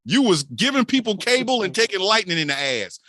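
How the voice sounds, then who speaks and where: In a mid-range voice moving a little fast, a podcast co-host spins a wild, casual story, animated and heavy on profanity.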